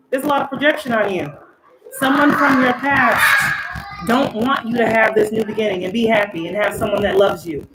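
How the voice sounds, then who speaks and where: A woman giving a spiritual tarot reading, talking emphatically, swinging between loud outbursts and soft asides. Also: fairly high pitch. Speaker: tarot reader and spiritual channeler. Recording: echoey room with background noise.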